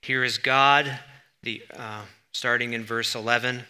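Bright, sharp-voiced male preacher. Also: medium pitch, steady tone, unhurried, smooth. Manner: conversational and emphatic, with sudden bursts of stress. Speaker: pastor. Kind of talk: sermon teaching.

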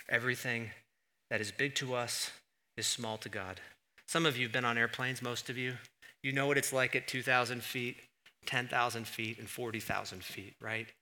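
A man preaching a sermon as pastor in a church, acting out voices with sudden loud jumps. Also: mid-range voice. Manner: animated, acts out God's voice with sudden loud jumps.

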